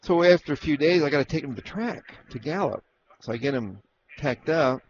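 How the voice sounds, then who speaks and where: A man with a slightly high, expressive voice talks briskly on a lo-fi recording that has a little hiss or hum. Telling rambling stories from his racehorse-training years in a casual interview, he acts out others' lines and keeps restarting his sentences.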